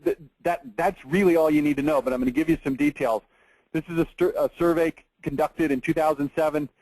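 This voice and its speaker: A man's voice: a little high, fast, darkish tone, no room sound, rough recording. A man, giving a blunt, emphatic marketing webinar with an exasperated edge. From Texas. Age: 40s. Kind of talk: webinar presentation over screen share.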